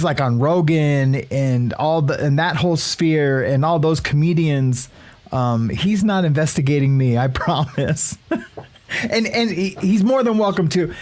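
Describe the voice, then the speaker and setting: A man's voice: on the high side, darkish tone. Rambling man hosting a live morning stream. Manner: rambling, halting, many fillers and restarts; greets chat viewers by name. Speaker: livestream show host. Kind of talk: casual live-stream chat.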